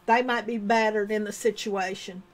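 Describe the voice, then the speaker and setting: A woman's voice: medium pitch, fairly even intonation, moderate pace, rough recording. A woman telling her own story of abuse in an earnest, emotional way, repeating key words for emphasis. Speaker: domestic violence survivor sharing her story. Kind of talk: personal storytelling monologue.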